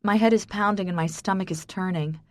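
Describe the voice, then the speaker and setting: A woman's voice: medium pitch, fairly quick, no room sound. A woman narrating an audiobook in the first person in a subdued, somber tone.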